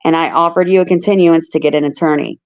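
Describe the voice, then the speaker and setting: A woman's voice: deep voice, steady tone, fast, darkish tone, voice pushed down. Woman reading as a stern judge. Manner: clipped, repeats orders. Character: stern female judge, curt and firm. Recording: muffled lo-fi audio.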